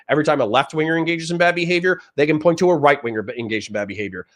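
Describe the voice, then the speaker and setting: A man on a livestream reading chat comments aloud and answering them in a blunt, profane, lecturing rant. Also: on the high side.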